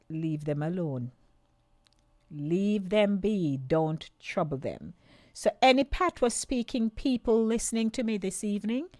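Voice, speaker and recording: A woman with a Jamaican accent hosting a radio talk show, speaking in a lively way and slipping into patois. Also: mid-range voice, no room sound.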